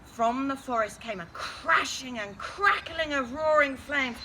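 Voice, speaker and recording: A woman reading a children's story aloud in a lively, expressive way. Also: sits high, a little slow, few pauses, very noisy.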